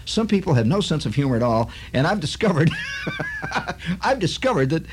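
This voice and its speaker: A man telling a long personal story in a rambling, halting way, full of asides and restarts. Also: fairly high pitch, very animated, noisy background. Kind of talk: spoken storytelling monologue.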